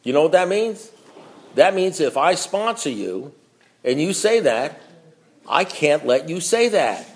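A man's voice: very animated, measured pace. A man giving a blunt, emphatic talk at a recovery meeting, reading from a book and repeating himself for emphasis. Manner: swings between low asides and loud preaching.

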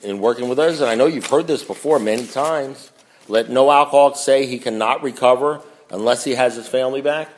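A man speaking at a recovery meeting in a mid-pitched voice. He talks bluntly and emphatically and repeats phrases for emphasis, dropping into low asides and then rising into loud preaching. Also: fairly quick, slight background noise. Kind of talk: recovery meeting talk reading from a book.

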